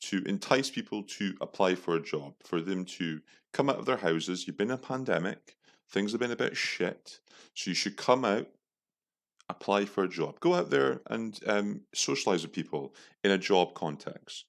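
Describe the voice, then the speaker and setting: A man's voice: fairly low pitch, expressive, moderate pace, creaky. A young man hosting a podcast, reacting to adverts in a profane, incredulous, mocking way. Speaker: podcast host. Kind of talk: casual commentary.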